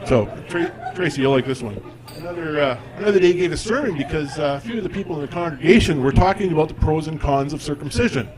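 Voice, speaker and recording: A man's voice: a little high, animated, quick pace, crowd noise. A man in his forties performing a stand-up comedy routine on stage, with a conversational, self-deprecating delivery. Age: 40s. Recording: live audience in a comedy club.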